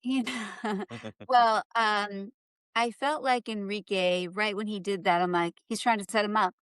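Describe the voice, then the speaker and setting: A woman's voice: mid-range voice, fairly even intonation, unhurried, clean tone, no room sound. A woman author, a guest on a political panel, sharing earnest opinions and thinking aloud. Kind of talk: casual political discussion.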